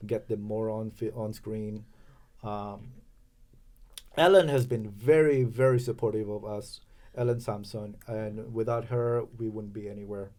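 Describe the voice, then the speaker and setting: A man from Los Angeles speaking as a podcast guest in casual, halting talk with many fillers and restarts. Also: fairly low pitch, fairly even intonation, mellow. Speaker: podcast guest, chamber of commerce president. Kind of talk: casual interview chat.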